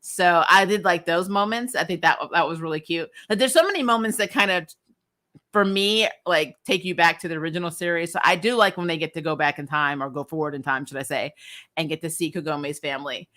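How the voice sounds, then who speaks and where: A woman giving a casual, chatty spoken review of an anime episode, animated and laughing often, with plenty of fillers. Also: on the low side, brisk.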